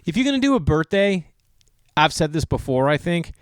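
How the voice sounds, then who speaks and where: A man's voice: a little high, sing-song, a little fast, clear, resonant tone, dry recording. A man in his forties, a comedian hosting his own show, chatting casually and rambling from one joke to the next. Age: 40s. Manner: rambling, jokey, breaks into silly made-up songs. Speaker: comedian podcast host. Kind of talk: casual solo chat.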